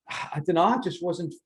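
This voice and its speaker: Man, fairly high voice, sweary rambling talk, echoey room. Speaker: podcast guest, fighter. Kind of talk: casual chat. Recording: roomy echo.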